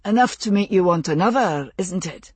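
A woman doing a soft-spoken young man. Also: sits high, lively intonation, moderate pace, husky, no room sound. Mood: fond. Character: gentle Scottish young father, tactful.

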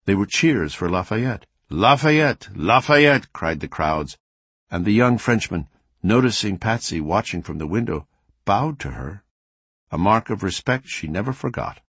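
Male audiobook narrator, low husky voice, lively intonation, measured scripted delivery. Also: no room sound. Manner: measured, expressive reading with varied emphasis.

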